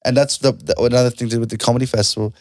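Fast-talking Australian comedian man. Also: mid-range voice, dry recording, studio quality. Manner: fast, animated, swears freely. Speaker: stand-up comedian guest. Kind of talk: casual podcast chat.

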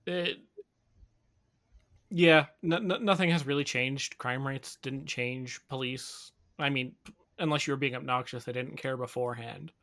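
A man's voice: mid-range voice, a little slow, fairly bright tone. A man from Canada in casual chat, easygoing and agreeable with dry humor. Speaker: conversation partner.

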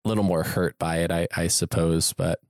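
Male podcast co-host, low voice, dry close mic, lively storytelling. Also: fairly quick, dry recording. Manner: animated, acts out scenes in quoted voices, laughs often. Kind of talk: casual chat.

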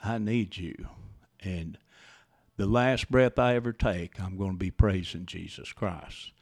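Halting man, fairly low voice. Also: darkish tone. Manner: halting, many "uh" pauses, devout. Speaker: interview guest, grieving father. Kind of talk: casual interview, recounting personal loss.

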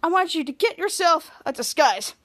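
A woman voicing a blustering grown male superhero boss from a kids' sitcom, loud and demanding. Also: very high-pitched, expressive, normal speed, no room sound. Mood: bossy.

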